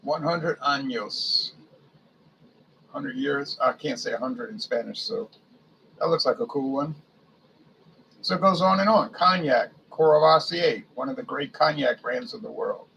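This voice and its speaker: A man's voice: mid-range voice, lively intonation, moderate pace, gravelly, fairly bright tone, slight background noise, low-quality recording. A man casually reading a liquor list aloud, musing to himself and stumbling over foreign names. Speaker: beer and spirits reviewer.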